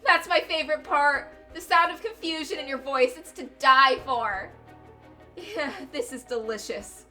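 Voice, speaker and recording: A woman's voice: high voice, measured pace, bright, forceful tone, faint music behind, voice pushed up. A woman voicing a vengeful male ex-convict from a game, taunting and sneering with mock sweetness that turns to snarling threats. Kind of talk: reading a game aloud with voices.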